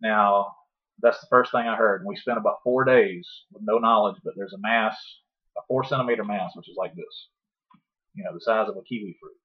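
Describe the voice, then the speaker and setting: A man telling a long story in casual podcast talk, profane and animated, acting out his own past words. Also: on the low side, fairly quick. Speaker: podcast guest. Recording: dull lo-fi podcast audio.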